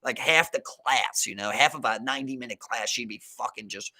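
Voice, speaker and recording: A man's voice: mid-range voice, fairly quick, sharp tone. A young man co-hosting a podcast, telling a profane story in casual chat and leaning heavily on "like" and "bro.". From Maryland. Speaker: podcast co-host.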